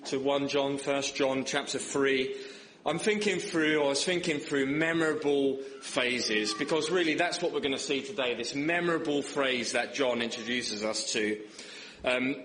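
A man's voice: a little slow, a bit bright. A young man preaching a sermon in church, joking and telling stories, his voice rising for emphasis. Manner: humorous, storytelling, rises in pitch for emphasis. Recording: echoey church hall with faint background noise.

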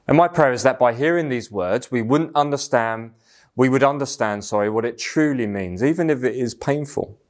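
A man's voice: mid-range voice, normal speed. A man preaching a sermon in an earnest, emphatic manner. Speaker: pastor.

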